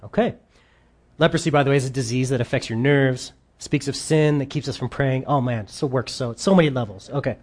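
A pastor delivering a sermon in an emphatic style. Key words get loud, pointed stresses before the voice falls back to quiet asides. Scripture passages are read aloud between stretches of explanation. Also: medium pitch, fairly quick.

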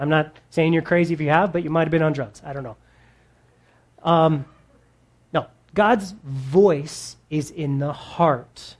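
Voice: mid-range voice, darkish tone. Conversational preacher asking rhetorical questions. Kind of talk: sermon.

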